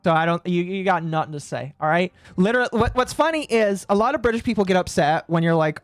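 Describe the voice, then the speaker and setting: A woman's voice: fairly low pitch, lively intonation, fast, few pauses, dry recording. A woman from the United States streaming reaction commentary in a brash, crude, mocking way, swearing often.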